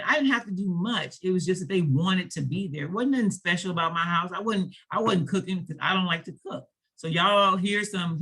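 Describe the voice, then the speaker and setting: A woman's voice: fairly low pitch, fairly bright tone, slightly rough. A woman educator speaking on a panel in a conversational way, with frequent fillers and laughs between her thoughts. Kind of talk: panel discussion.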